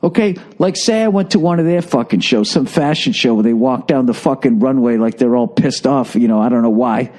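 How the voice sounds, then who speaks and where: A man's voice: mid-range voice, dark tone. A middle-aged man ranting profanely in a casual comic monologue, repeating words as he builds up steam. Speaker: podcast host.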